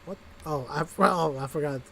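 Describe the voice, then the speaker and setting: A man's voice: fairly high pitch, moderate pace, gravelly, bright, forceful tone, slight background noise. A man streaming a driving game, rambling and mocking himself, laughing often at his own mistakes, talking into a desk mic. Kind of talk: casual gameplay commentary.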